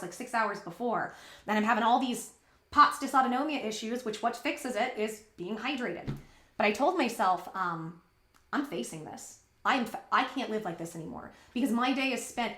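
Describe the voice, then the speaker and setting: A woman's voice: a little high, fairly bright tone, reverberant. A woman vlogger candidly retelling a personal story in a rambling, emotional way.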